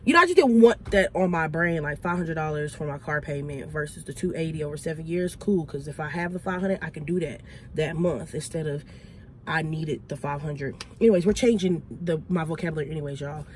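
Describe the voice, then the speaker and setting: A young woman from Texas with a Southern accent, chatting quickly and excitedly to viewers from inside her car in a casual vlog. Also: deep voice, slight background noise. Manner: fast, excitable, chatty, addresses viewers as y'all. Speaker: vlogger. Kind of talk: casual vlog talk to camera.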